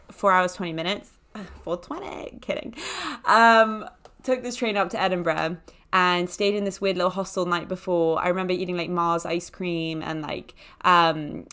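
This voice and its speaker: A woman's voice: medium pitch, fairly bright tone. A young woman telling a long personal anecdote in a casual, rambling way, full of "like" fillers and self-mocking asides.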